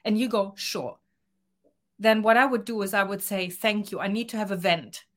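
A woman's voice: mid-range voice, brisk. A woman coach being interviewed, talking earnestly and acting out little quoted exchanges as she explains. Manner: earnest, expressive, acts out quoted lines. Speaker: guest coach. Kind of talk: podcast interview.

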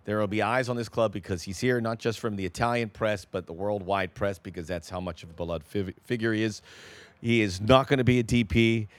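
A man's voice: lowish voice, steady tone, brisk, no echo. A man co-hosting a casual sports podcast, talking through a signing in a conversational way.

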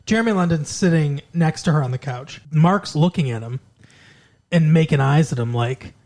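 A man's voice: on the high side, lively intonation, normal speed, a little mellow. A man co-hosting a casual chat, rambling through a movie plot and loosely acting out the characters' lines. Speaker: podcast co-host.

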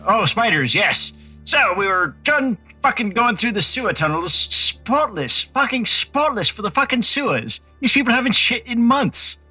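A man recapping a tabletop game in casual, profane, animated storytelling. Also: very high voice, normal speed, hardly any pauses, faint music behind. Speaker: player.

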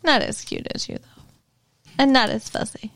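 A woman with a slightly high voice co-hosts a relaxed podcast chat. She answers with dry, teasing remarks and short laughs. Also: moderate pace, gravelly, a little hiss or hum. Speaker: podcast co-host.

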